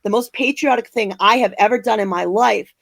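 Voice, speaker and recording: Fairly high-pitched and quick, with vocal fry and no echo, an older American podcast co-host vents her opinions passionately. She comes across blunt, angry and emphatic.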